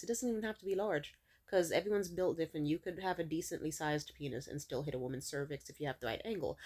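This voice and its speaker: Young woman, vlogger, casual venting, blunt, profane, animated, middle pitch. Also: breathy edge.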